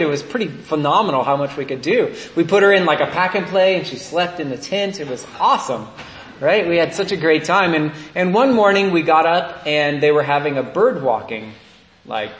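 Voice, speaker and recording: A man in his thirties preaches in a friendly, storytelling way, often tossing in "right?" to pull his listeners along. His voice sits a little high for a man. The sound carries a clear echo from the room around him. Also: a bit bright. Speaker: priest. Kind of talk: conversational sermon.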